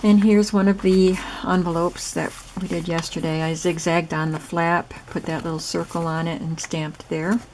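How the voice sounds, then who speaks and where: A woman with a lowish, gravelly voice talks through a craft project in a relaxed, chatty way, explaining each step as she goes. The recording carries clear background noise and clicks. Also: moderate pace, few pauses. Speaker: craft channel host. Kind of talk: casual crafting demonstration.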